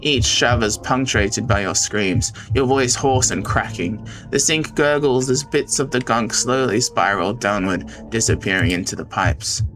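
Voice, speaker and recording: A man streaming a visual novel, reading it aloud dramatically with excited outbursts. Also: mid-range voice, a little slow, hardly any pauses. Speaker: game streamer. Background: game music.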